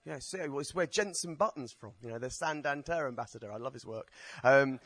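A man's voice: medium pitch, fairly quick, fairly bright tone, dry recording. Man, stand-up poet, rambling, self-deprecating, dry sound. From Essex, England. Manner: rambling, self-mocking, chatty with the crowd. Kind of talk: stand-up comedy with poetry performance.

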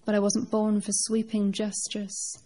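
A woman poet giving a live reading, reciting in a measured, deliberate way. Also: mid-range voice, monotone, dark tone.

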